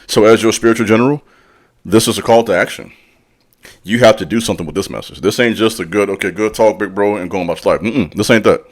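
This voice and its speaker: A man with a lowish voice talks fast through a motivational monologue. As a channel host and spiritual leader, he's blunt and preachy, using slang, confronting the listener directly and repeating lines for emphasis.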